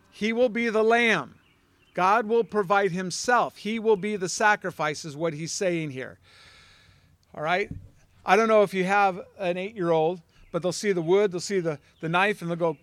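Male Bible teacher with a conversational style who asks the listeners questions, higher voice, dry sound. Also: fairly bright tone, no echo.

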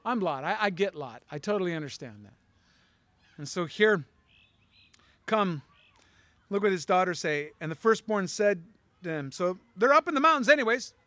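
High-voiced man preaching a lively sermon. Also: moderate pace, long pauses, no echo. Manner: conversational preaching, acts out dialogue. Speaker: pastor.

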